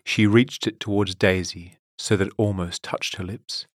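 A man narrating a children's fantasy storybook in a steady, measured way. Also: on the low side, dry recording, studio quality. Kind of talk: storybook reading.

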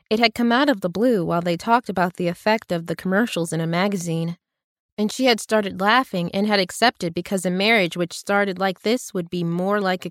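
A woman narrates a novel as an audiobook reader, delivering scripted narration in a measured, even storytelling style. Her voice is mid-range, and the recording is studio quality with no room sound.

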